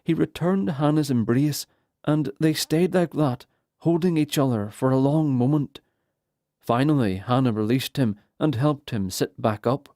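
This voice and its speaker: Slow, mellow male audiobook narrator. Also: medium pitch, dry recording, studio quality. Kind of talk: scripted fantasy narration.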